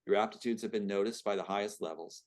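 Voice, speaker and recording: A cold, scheming government agent making quiet threats, read aloud by a man from his own screenplay. The delivery stays calm and menacing, in a fairly low voice. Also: quick pace, close to an everyday voice.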